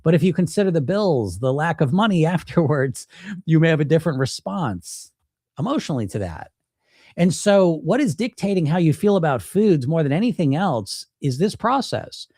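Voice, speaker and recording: Male weight-loss coach, blunt and animated, slightly high voice, dry close sound. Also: normal speed, no echo. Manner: animated, acts out inner self-talk in quoted voices; blunt, casual swearing. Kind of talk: direct-to-camera coaching talk.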